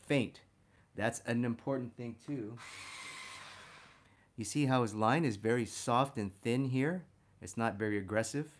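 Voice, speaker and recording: A man teaching a figure drawing lesson as he sketches, talking warmly to viewers as "my friends" and getting excited about the details he spots. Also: medium pitch. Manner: enthusiastic, talks to "my friends" while drawing. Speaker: art instructor.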